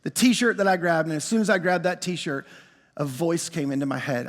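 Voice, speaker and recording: A middle-aged male pastor telling a story in a sermon, animated and self-mocking, then dropping into quiet reflection. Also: on the high side, brisk. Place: large church auditorium. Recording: long hall reverb.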